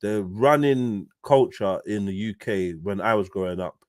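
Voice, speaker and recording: A man in casual chat, animated and slang-heavy, dropping low and soft then rising loud and high. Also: a little slow, no echo. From United Kingdom. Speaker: livestream host.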